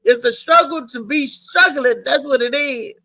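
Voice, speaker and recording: A woman hosting a live talk show, who talks loudly and excitably and tells family stories. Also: sits high, normal speed. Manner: animated, loud and excitable, telling family stories. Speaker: host. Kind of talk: casual live-show monologue.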